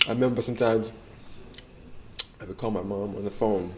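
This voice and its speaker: A man's voice: on the low side, steady tone, fairly quick, noisy background. A young man, chatting casually to camera in a rambling, nostalgic way and laughing often. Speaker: vlogger.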